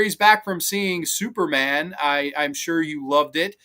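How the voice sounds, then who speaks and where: A man hosting a casual film-review stream, his voice bright and forceful. He talks excitedly, swears freely and drops in live chat comments. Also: fairly high pitch, unhurried. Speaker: podcast host.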